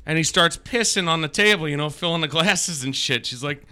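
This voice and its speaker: A man's voice: a little high, lively intonation, brisk, pushed and bright, clear, resonant tone. A man in casual, crude podcast banter who tells dirty jokes and acts out the voices in them. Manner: crude, joke-telling, acts out voices in his story.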